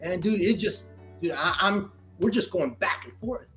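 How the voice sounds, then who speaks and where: Animated man retelling a tense story. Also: sits high, unhurried, soft background music. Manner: animated retelling, slangy, acts out quoted dialogue. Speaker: Marine veteran guest. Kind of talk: casual storytelling interview.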